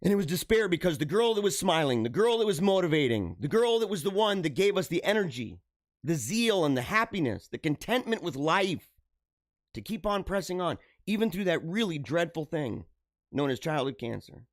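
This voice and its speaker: A middle-aged man hosting a live show, talking earnestly and haltingly to his viewers, often repeating himself and restarting phrases. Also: fairly high pitch, big pitch swings, dry recording, clean studio sound. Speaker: livestream show host. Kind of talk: emotional personal monologue to viewers.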